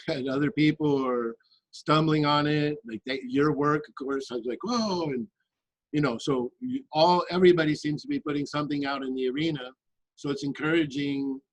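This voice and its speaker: A man talking earnestly and with passion in a group discussion, with halting restarts. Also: fairly high pitch, no room sound, poor audio. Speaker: guest in a remote viewing discussion.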